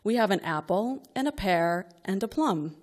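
A woman's voice: mid-range voice, lively intonation, normal speed, natural voice. A woman voicing a stern female math tester with a thick Russian accent, in a live comic story reading.

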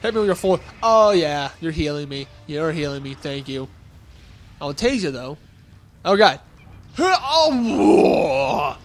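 A young man with a high, lively voice, talking through a video game in a relaxed, unhurried way. He jokes at his enemies and lets out grunts and yelps whenever he takes a hit. Faint game music plays behind him. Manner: goofy, grunting and yelping at hits; jokey self-talk to the enemies. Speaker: let's play gamer. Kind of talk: casual gameplay commentary.

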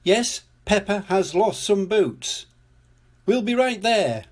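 Man playing a cheery daddy pig, high and bouncy. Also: animated, slow pace, a little mellow, heavily acted. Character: jolly plump daddy pig.

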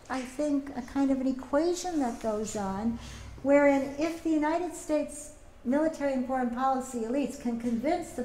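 A middle-aged woman giving a teach-in as an activist, telling lively anecdotes and acting out the voices of people she quotes. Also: sits high. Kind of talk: public talk with storytelling. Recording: echoey room, faint background noise.

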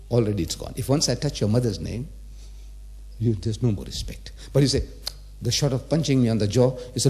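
A man's voice: medium pitch, expressive, moderate pace, long pauses, mellow. A man in his seventies giving a religious lecture to a live audience, emphatic, repeating phrases and firing rhetorical questions at the listeners. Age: 70s.

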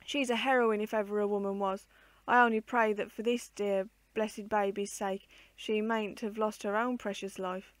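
A woman's voice: mid-range voice, level tone, normal speed, few pauses, no echo, close to an everyday voice. A woman reading aloud, voicing a kind, fretful nursemaid who speaks in homely, emotional phrases, in a dry room. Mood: tearful. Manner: colloquial, doting, emotional. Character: tearful old-fashioned nursemaid, kind and fretful.

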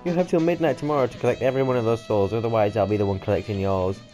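A man's voice: lowish voice, fairly even intonation, rapid-fire, dark tone, faint music behind, lightly acted. A British man voicing a gloating male devil who runs a casino, taunting and swearing as he reads a cartoon game's story aloud. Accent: British English.

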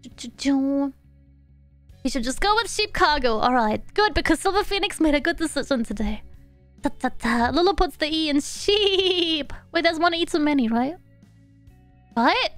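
A woman's voice: high voice, animated, moderate pace, pauses often, a bit bright, faint music behind. A young woman streaming a life-sim game, chatting playfully with her chat, giggling and babbling along to the game's sounds. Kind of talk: casual live-stream gameplay chat.

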